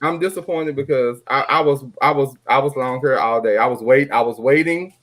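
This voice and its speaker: A man hosting a casual group chat on an online call, loud and joking, swearing freely. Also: mid-range voice, moderate pace, slight background noise. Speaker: podcast host.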